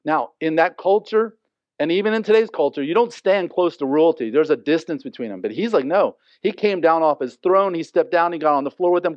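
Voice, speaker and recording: A man's voice: on the high side, a little fast, no echo. Earnest man teaching scripture, dry sound. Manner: earnest, asks listeners to imagine the scene. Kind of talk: conversational Bible teaching. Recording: dry, slightly dull lo-fi sound.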